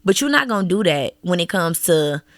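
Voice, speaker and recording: A woman in her twenties co-hosting a casual chat podcast, sassy and animated, full of slang. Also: fairly low pitch, moderate pace, dry recording, clean studio sound. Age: 20s. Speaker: podcast co-host. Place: Dallas.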